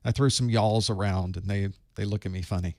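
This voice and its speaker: A man's voice: lowish voice, fairly even intonation, a little fast, dark tone, no echo, clean studio sound. A man from the Southern United States with a Southern US accent, chatting casually with viewers before a live certification study session as its instructor and host. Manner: chatty and folksy, greeting viewers by place. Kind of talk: casual livestream pre-show chat.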